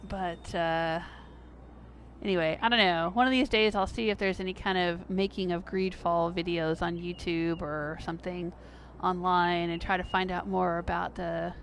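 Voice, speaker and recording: A middle-aged American woman chatting casually on a game livestream. She laughs often and jumps to a high pitch when she is surprised. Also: steady tone, moderate pace, slight background noise. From United States. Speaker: game streamer.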